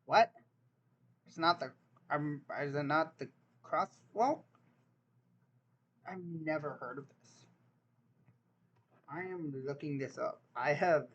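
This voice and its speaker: A man's voice: on the high side, takes it slowly, long pauses, a bit bright, dull audio, slight background noise. A young man, casually reacting to a dialect quiz, joking and incredulous as he thinks aloud. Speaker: vlogger taking an online dialect quiz.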